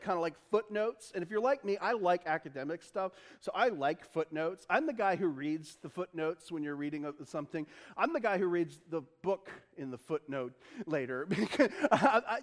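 A man preaching a casual, conversational sermon, chuckling often and wandering into folksy asides. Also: sits high. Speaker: pastor.

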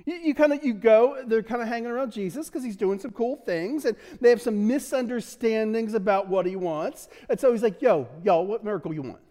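A man with a fairly high voice gives a casual sermon as pastor, full of jokes and little laughs. His words trail off into a long reverb, as if he is speaking in a large church hall. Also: fairly quick, few pauses, dark tone. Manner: joking, chuckling often, restarts and fillers.

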